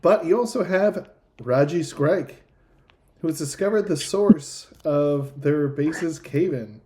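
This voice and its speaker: A man's voice: a little high, slow, darkish tone. Laid-back man running a tabletop game. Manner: laid-back, hesitant, many fillers and restarts. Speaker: game master.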